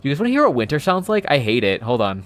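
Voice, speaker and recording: A man hosting a livestream alone, chatting casually, animated and swearing. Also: medium pitch, fast talker. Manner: animated, swears, laughs often. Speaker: streamer host.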